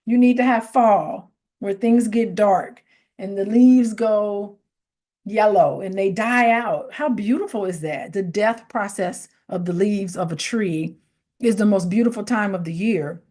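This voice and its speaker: A middle-aged woman hosting a reflective casual talk, telling stories in an animated way, acting out quoted voices and laughing often. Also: medium pitch, unhurried. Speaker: host.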